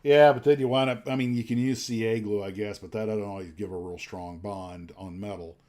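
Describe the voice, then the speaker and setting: A man with a fairly low voice hosting a relaxed livestream, talking in a loose, rambling way. He often trails off, restarts his sentences and fills pauses with "uh" and "um". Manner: rambling, many fillers and restarts. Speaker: livestream host. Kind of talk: casual chat.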